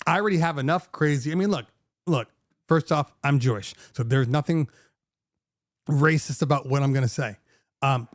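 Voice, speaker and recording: A man with a somewhat high voice chatting casually on his podcast, recorded dry and close with no room sound. He rambles through stories full of restarts and "like", his pitch climbing as he gets worked up and vents about clients. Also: dry recording. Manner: animated storyteller who gets worked up, pitch rising when venting. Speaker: podcast host and DJ company owner.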